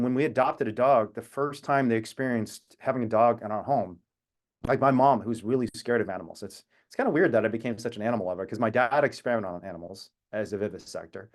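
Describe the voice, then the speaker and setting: A man talks earnestly over a video call, winding through a personal story with reflective tangents. His voice sits at an ordinary middle pitch, neither high nor low. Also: fairly quick. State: emotional at times. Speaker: activist speaker.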